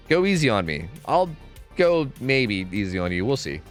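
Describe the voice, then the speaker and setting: A young man chatting on a gaming stream, rambling and restarting his sentences as he answers chat. His pitch rises and falls a lot, with faint music under him. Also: very animated, normal speed, fairly bright tone. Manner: rambling, stumbles and repeats words, answers chat.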